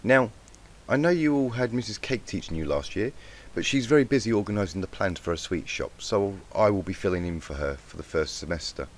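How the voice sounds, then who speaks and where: A man's voice: on the low side, animated, fairly quick, few pauses, natural voice. Man doing a fussy motherly pony cooking teacher. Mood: cheerful. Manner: fussy, motherly, calls students dear. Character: kindly confident mare cooking teacher.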